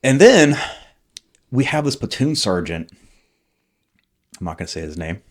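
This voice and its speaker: A military veteran in his forties, appearing as a guest, tells stories in casual conversation with a medium-pitched, sing-song voice at a measured pace. He rambles, uses lots of fillers, and swears freely.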